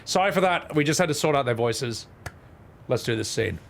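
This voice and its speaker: Joking male streamer, lively pitch. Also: moderate pace, creaky, slight background noise. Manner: joking, chatty, talks to chat. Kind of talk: casual streaming commentary.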